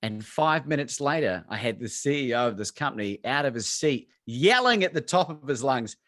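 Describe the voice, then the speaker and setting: In a storytelling talk over video, an Australian guest speaker who works as a courage coach acts out both ends of his phone calls. He speaks briskly in a mid-range, fairly bright voice, with studio-quality, echo-free sound.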